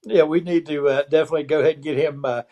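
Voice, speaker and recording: A man's voice: a little high, fairly even intonation, rapid-fire, dark tone, muffled recording. An older man co-hosting a sports talk show, teasing playfully and chuckling as he talks. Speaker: podcast co-host.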